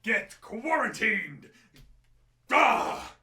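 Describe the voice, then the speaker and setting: A man's voice: very high voice, very animated, drawn-out words, reverberant, distant mic, pitched above the performer's own voice, heavily acted. Man doing a screeching entitled woman. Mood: shrieking. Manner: screeching, hysterical yelling. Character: shrieking entitled middle-aged woman shopper.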